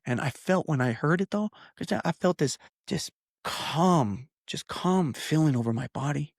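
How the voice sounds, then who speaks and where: A man's voice: a little high, animated, normal speed, vocal fry, slightly rough, no echo, studio quality. A man co-hosting a podcast, telling a personal story in an earnest, rambling way with many fillers and restarts. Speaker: podcast co-host. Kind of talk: casual podcast chat.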